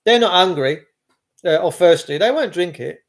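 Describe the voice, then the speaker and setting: A middle-aged man delivers an impassioned, rambling monologue in a high-pitched voice with lively intonation at normal speed. He repeats himself and frequently restarts phrases.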